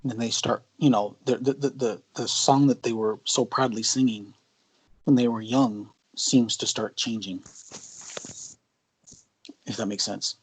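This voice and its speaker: A man co-hosting a casual Christian discussion, telling anecdotes with frequent halting restarts. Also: mid-range voice, fairly even intonation, husky, rough recording. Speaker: co-host of a Christian mentorship show.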